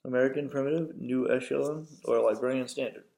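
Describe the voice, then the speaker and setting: A man's voice: mid-range voice, fairly even intonation, fast talker, vocal fry, darkish tone, natural voice. A man voicing a small, polite male pterodactyl with a British accent, courteous and fussy, in a storybook read-aloud.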